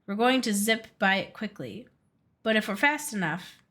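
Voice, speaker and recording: A woman's voice: medium pitch, lively intonation, fairly bright tone. A woman voicing an eager young goblin brother. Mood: urgent. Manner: raised, eager, quick. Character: brave young goblin brother in a fairy tale. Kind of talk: reading a storybook aloud.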